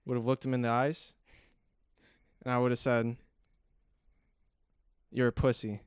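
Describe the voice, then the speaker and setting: A man's voice: mid-range voice, monotone, normal speed, smooth, no room sound, clean studio sound. A man hosting a casual chat, playfully spinning boastful what-if scenarios. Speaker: podcast host.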